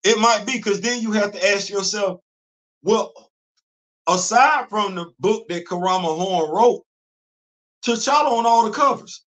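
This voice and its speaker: A man's voice: high-pitched, a little slow, pauses often, fairly bright tone. A man, hosting a casual livestream and talking in an emphatic, repetitive way, often laughing. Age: 50s. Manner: emphatic, preachy, repeats phrases, laughs often. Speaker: livestream host. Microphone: computer mic on a streaming setup.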